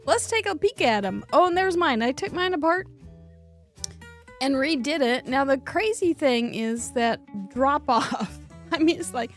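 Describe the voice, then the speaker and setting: With soft music playing in the background, a woman with a high, expressive voice speaks at a measured pace on her live cardmaking show. She chats, exclaims, and laughs frequently while showing cards viewers sent in, though she's coughing from a dry throat.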